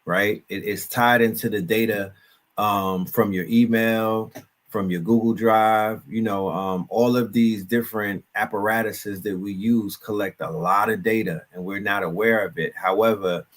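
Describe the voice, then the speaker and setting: A man with a fairly low voice joins a casual discussion as a guest. He explains his ideas in a confident, speculative manner. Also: fairly even intonation, a little slow. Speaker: guest speaker.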